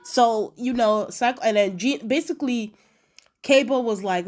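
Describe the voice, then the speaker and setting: A woman in a casual episode review, chatty and animated, acting out quotes with lots of fillers. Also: fairly high pitch, measured pace. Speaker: video reviewer.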